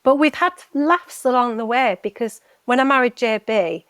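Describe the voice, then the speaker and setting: Earnest woman guest, halting restarts. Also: on the high side, fairly bright tone, smooth, no echo. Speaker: podcast guest. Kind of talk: candid conversational storytelling. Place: podcast recording.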